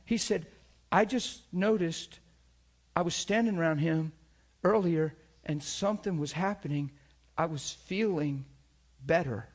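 A man preaching a sermon, telling a personal story and acting out the dialogue with lively, shifting energy. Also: unhurried. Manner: animated storyteller acting out dialogue, pitch jumping up when excited. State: crying while retelling.

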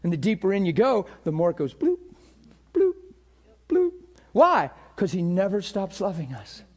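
A middle-aged male pastor preaching a sermon with passion, dropping to near whispers and rising to shouts. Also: high voice, animated, brisk. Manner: impassioned preaching that swings between hushed and shouted.

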